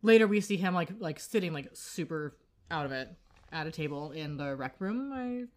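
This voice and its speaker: A woman with a somewhat low voice chats casually on a podcast and recaps a story at length. She fills her talk with "um" and "like" and slips into the characters' lines as she goes. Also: expressive, normal speed. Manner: chatty, acts out quoted lines, lots of fillers. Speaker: podcast co-host.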